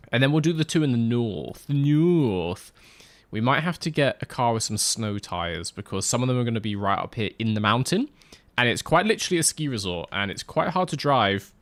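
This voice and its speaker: Chatty streamer man, lively up-and-down voice. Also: lowish voice, dry recording. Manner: chatty, rambling, answers chat with asides. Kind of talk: live gameplay stream chat.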